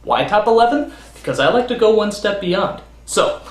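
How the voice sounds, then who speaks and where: A man hosting a comedic countdown review. He is sarcastic and animated, with quick comic asides. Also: high-pitched. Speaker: host and critic. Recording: roomy studio with faint music.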